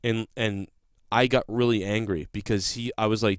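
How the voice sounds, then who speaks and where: A man's voice: fairly low pitch, a little fast, clear, resonant tone, dry recording, clean studio sound. A young man, telling a long personal story in a rambling, profane way, often restarting his sentences. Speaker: podcast host. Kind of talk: casual storytelling monologue.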